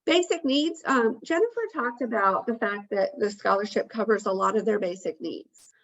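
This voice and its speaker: Woman on a webinar call, kinda gravelly, lots of ums, audio a bit muffled. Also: medium pitch, normal speed. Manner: earnest, lists points with frequent ums. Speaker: webinar presenter. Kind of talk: informational webinar talk. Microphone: video call.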